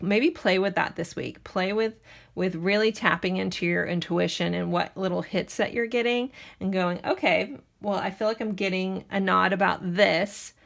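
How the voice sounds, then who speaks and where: A woman's voice: lowish voice, gravelly, fairly bright tone. A woman giving a pick-a-card tarot reading to her viewers, talking in a chatty, rambling, reassuring way. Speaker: tarot reader.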